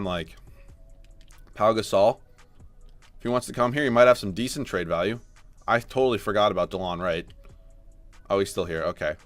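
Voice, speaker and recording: A young gaming YouTuber with a lowish, fairly bright voice comments on his own sports video game. He's frustrated and self-mocking, then pushes himself into forced cheer. There's no echo.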